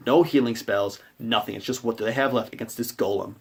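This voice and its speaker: A man recounts a tabletop game session he ran as game master, in a loose, rambling way. His voice sits at an ordinary middle pitch. He acts out his players' reactions as he goes. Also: brisk, husky.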